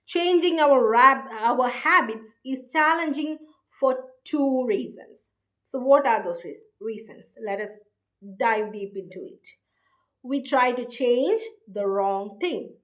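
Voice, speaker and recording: Woman narrator for a book-summary lesson, slow and deliberate, repeats key points. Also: on the high side. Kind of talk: explanatory book summary talk.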